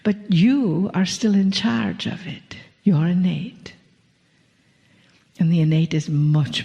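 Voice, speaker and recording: A woman with a gravelly, creaky voice delivers a channeled spiritual message, speaking as "we." She talks slowly and soothingly, sinks into breathy whispers and chuckles softly. The sound rings with a long reverb from a live hall. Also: fairly low pitch, dull audio. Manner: speaks as a collective "we", slow and soothing, drifts into whispers, chuckles often. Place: live venue with an audience.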